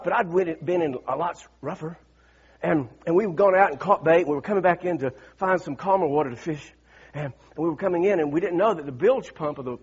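A man's voice: a little high, slightly rough, muffled recording. A middle-aged man preaching a sermon, calling the congregation to say lines back and telling a personal story with rising fervor. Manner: calls on congregation to repeat lines, builds to shouts. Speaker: pastor.

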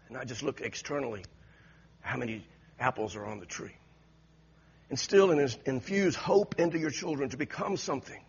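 A man's voice: fairly high pitch, vocal fry, breathy edge, muffled recording. A male preacher giving an impassioned sermon with repeated exhortations to the congregation.

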